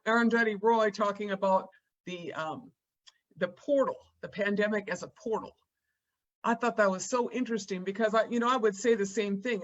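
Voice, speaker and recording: A woman's voice: fairly high pitch, a bit bright, dull audio. A woman panelist from the United States giving her opening thoughts from her rural home in a casual, wry way, full of "you know" and joking asides. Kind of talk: conversational panel talk.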